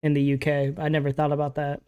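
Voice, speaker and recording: A man from Alabama hosting a casual livestream podcast, joking and laughing between quick asides. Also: on the high side, completely flat delivery, a little mellow, clean tone. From Alabama, USA. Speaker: podcast host.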